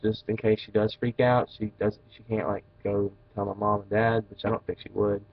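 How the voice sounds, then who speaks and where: Teen boy vlogger, flat low delivery, halting with fillers, muffled home-video sound. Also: dry recording. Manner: hesitant, halting, many fillers and restarts. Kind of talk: personal confessional vlog.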